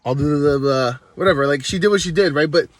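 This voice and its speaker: Profane ranting man, higher voice. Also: quick pace, dry recording. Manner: heated, swears constantly, rambling. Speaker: vlogger, show host. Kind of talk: profane comedic rant.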